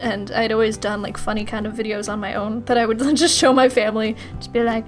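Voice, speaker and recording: A woman's voice: a little high, little pitch movement, a little fast, faint music behind. A young woman from Massachusetts answering viewer questions in a giggly, playful, self-mocking vlog. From Massachusetts, USA. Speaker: YouTuber. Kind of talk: casual Q&A vlog.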